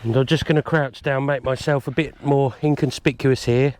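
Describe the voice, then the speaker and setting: A man's voice: mid-range voice, fairly even intonation, moderate pace, noisy background. A man chatting casually to camera outdoors, explaining what he is doing as he goes. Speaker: vlogger and gundog handler. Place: outdoors on a country estate.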